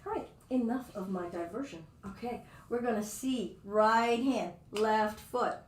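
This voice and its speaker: A woman's voice: a little high, unhurried, slight background noise. A woman teaching a live yoga class, chatty and playful as she talks through her own movements. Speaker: yoga instructor. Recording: echoey room, distant mic.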